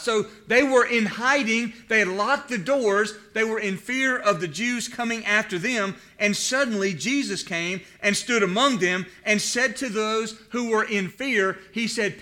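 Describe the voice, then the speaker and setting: A man's voice: sits high, animated, normal speed, hardly any pauses, bright, forceful tone. A man preaching a sermon as pastor, reading scripture and putting rhetorical questions to his congregation.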